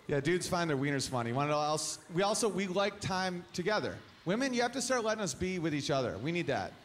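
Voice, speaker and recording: A man's voice: high-pitched, big pitch swings, a little fast, a bit bright, slight background noise. A man in his thirties doing a stand-up comedy set, crude and wry, breaking into chuckles.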